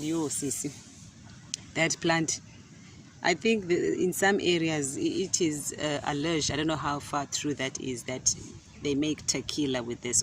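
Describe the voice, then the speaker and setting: A middle-aged woman telling a casual story in an animated way, often repeating words and laughing. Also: low-pitched, a little hiss or hum. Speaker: gardening vlogger. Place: outdoor garden.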